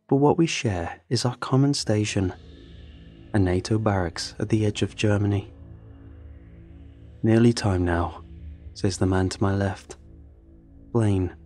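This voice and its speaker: A man reading a first-person story in a measured, tense storytelling manner. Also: fairly low pitch, darkish tone. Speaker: narrator. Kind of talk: scripted first-person narration.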